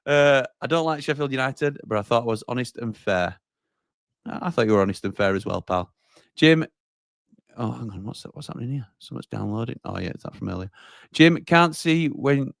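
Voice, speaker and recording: A man's voice: mid-range voice, animated, fairly quick, creaky, dry recording. Male stream host, chatty, reads viewer comments, dry close sound. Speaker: host of a football watchalong stream. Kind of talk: casual live-stream chat, reading viewer comments.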